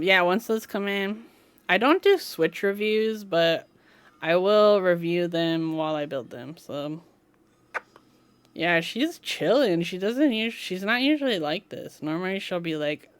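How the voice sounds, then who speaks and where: A woman's voice: on the low side, expressive, slow pace, smooth, dry recording. A young woman chatting casually on a live stream while building a keyboard, giggling often and cooing to her cat.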